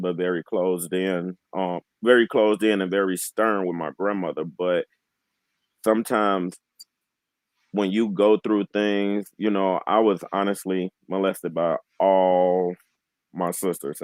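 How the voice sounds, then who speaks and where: A man in his late twenties with a fairly low voice speaks openly and from the heart as a panel guest. He is earnest and halting, and he restarts his sentences as he works through his thoughts. The sound is dry and close, with no room echo. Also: steady tone, a little mellow. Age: 20s. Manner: heartfelt, emotionally open. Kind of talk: candid panel conversation.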